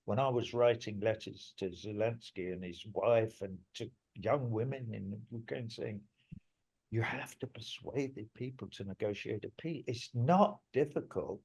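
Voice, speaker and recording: An older man, a musician appearing as an interview guest, speaks in a fairly low, slightly slow voice that's creaky, husky and darkish. He tells his stories in a rambling, emphatic way, swearing now and then.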